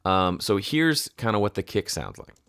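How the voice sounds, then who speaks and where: Male tutor, deep voice, dry close sound; chatty home-studio mixing walkthrough, self-correcting asides. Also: sing-song, normal speed, gravelly, fairly bright tone, clean tone, no room sound, faint music behind. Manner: chatty, self-correcting, explains with sung hoots. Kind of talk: casual screen-share tutorial.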